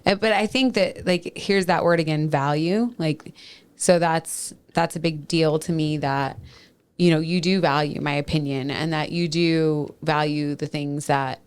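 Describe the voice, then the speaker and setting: Woman co-host, 30s, Minnesota accent, low-pitched, earnest and laughing in a casual studio talk. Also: steady tone, unhurried, clean tone. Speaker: podcast co-host. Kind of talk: casual marriage chat.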